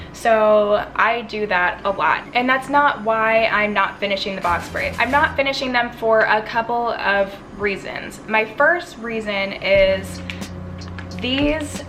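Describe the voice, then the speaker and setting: A woman's voice: mid-range voice, unhurried, a bit bright, faint music behind. A young woman with a Midwestern American accent, talking casually to camera in a rambling, chatty way that restarts mid-thought. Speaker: beauty vlogger. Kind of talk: casual vlog talk to camera.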